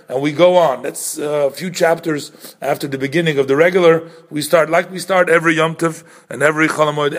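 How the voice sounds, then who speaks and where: A man with an of giving an informal religious lesson, explaining step by step and often pausing, repeating words and correcting himself. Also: fairly high pitch, fairly bright tone. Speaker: teacher explaining prayer customs.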